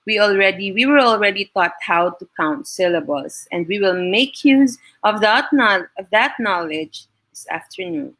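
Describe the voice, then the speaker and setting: A woman's voice: medium pitch, pushed and bright. A woman from the Philippines, teaching an online class and praising students, often ending her points with "no?". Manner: encouraging, frequent "no?" tag questions. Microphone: video call.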